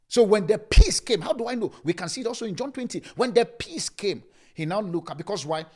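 A man with a Nigerian accent preaching a sermon as a pastor, shouting scripture lines and then dropping to a calm, hushed voice. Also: sits high, fast talker, breathy edge.

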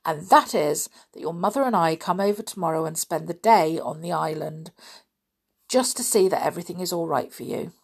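A woman's voice: lowish voice, a little fast, creaky, husky. A woman voicing a grateful, earnest father in a storybook reading. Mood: relenting. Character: grateful, hearty wealthy father.

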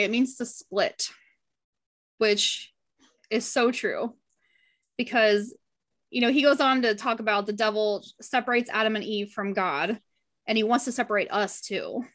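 Her voice is medium in pitch with a fairly bright tone. Leading an informal Bible study, she reads passages and talks them through in a heartfelt, earnest way, saying "like" often.

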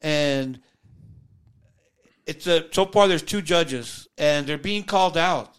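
A man's voice: on the high side, slow pace, clean tone. A man co-hosting a podcast, joking around in a loose, chatty way in casual political chat. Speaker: podcast co-host.

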